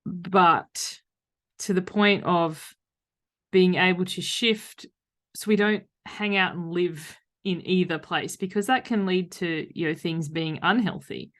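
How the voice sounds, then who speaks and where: Chatty woman, lowish voice. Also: slow pace. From Australia. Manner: chatty, animated, acts out quoted voices. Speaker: podcast co-host. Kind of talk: casual podcast chat.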